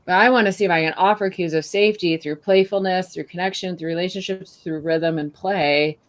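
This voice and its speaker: A woman's voice: fairly low pitch, fairly even intonation, a little fast. A woman guest on a podcast, explaining her ideas at length with everyday examples. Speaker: guest author. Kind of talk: podcast conversation.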